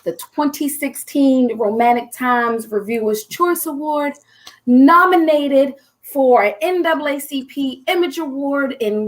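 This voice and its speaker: High-pitched female host, 40s, bubbly animated storyteller. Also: a little slow. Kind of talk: excited casual chat.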